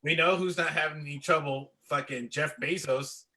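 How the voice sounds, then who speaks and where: A man chatting casually on a podcast, relaxed and conversational, quoting others. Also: on the high side, normal speed, crowd noise. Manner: relaxed, conversational, quotes people.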